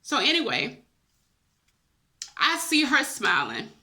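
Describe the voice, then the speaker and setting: Bright-voiced woman telling a dream story. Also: on the high side, wildly swooping pitch, slow. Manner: emotional, chatty, addresses viewers as y'all. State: teary-eyed. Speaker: vlogger. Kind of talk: personal storytelling to camera.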